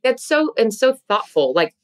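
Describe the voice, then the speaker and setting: A woman's voice: on the high side, sing-song, moderate pace. Chatty woman podcast host. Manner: chatty, lots of fillers. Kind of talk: casual chat.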